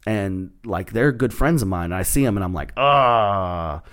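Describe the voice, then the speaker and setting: A man's voice: lowish voice, a little fast. A man, a stand-up comedian, telling stories on a podcast in a loose, profane, laughing way. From Texas. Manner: profane, laughing, animated retelling. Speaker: guest comedian. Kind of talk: casual podcast storytelling.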